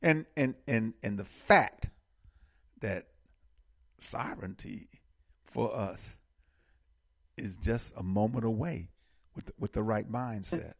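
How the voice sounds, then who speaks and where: Gravelly man talking politics, impassioned. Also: on the low side, lively intonation, slow, long pauses, no echo, clean studio sound. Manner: impassioned, repeats words when fired up. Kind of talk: casual political talk.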